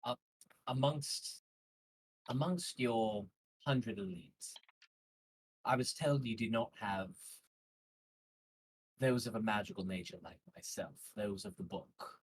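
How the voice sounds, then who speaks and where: A man's voice: fairly low pitch, slow, long pauses, husky, low-quality recording. A man voicing a male spellcaster in a tabletop game, asking earnest questions.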